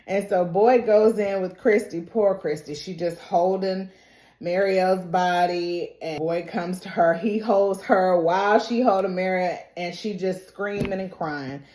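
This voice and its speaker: A woman recapping a TV episode in a lively, casual, very reactive way. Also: lowish voice, unhurried. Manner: lively, colloquial, reacts loudly. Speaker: TV recap YouTuber. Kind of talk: animated show recap. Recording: roomy echo.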